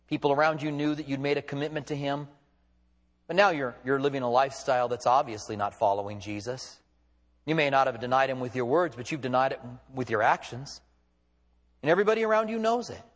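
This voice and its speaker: A man's voice: a little high, a bit bright. A male pastor preaching a sermon, retelling the story with quoted dialogue in an emphatic, storytelling way.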